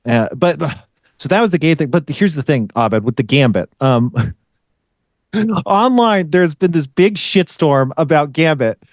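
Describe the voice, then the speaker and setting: A man's voice: a little high, lively intonation, a little slow, no echo, studio quality. A man hosting a podcast in casual chat, rambling and swearing as he rants. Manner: rambling, profane, ranting. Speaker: podcast host.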